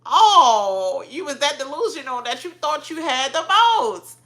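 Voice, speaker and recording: A woman hosting a reality show reaction, ranting in casual chat, animated and often laughing. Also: sits high, measured pace. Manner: animated, laughing, mocking quoted voices.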